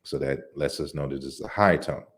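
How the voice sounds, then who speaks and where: A man giving an online lecture on word forms, explaining slides deliberately with frequent restarts. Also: extremely low pitch. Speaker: lecturer on African languages.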